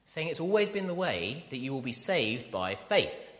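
A male preacher delivers a sermon with lively, swooping pitch, pressing each point home and throwing questions out to his congregation. His voice rings with a long hall reverb. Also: moderate pace. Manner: animated, emphatic, asks the congregation questions.

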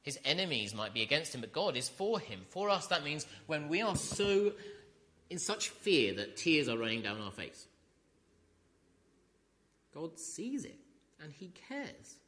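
A man's voice: fairly high pitch, sing-song, measured pace, long pauses, pushed and bright. A man preaching an earnest sermon, reading scripture and building to emphatic repetition.

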